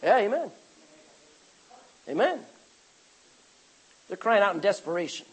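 Husky preacher with a lively, high voice. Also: male voice, measured pace, very noisy. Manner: preaching with sudden loud cries and dropped asides. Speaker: pastor. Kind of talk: sermon.

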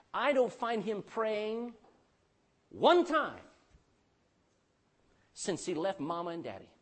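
A pastor preaching a sermon, calling out for amens and dropping between loud bursts and hushed lines. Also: male voice, fairly high pitch, breathy edge. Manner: calls for amen from the congregation.

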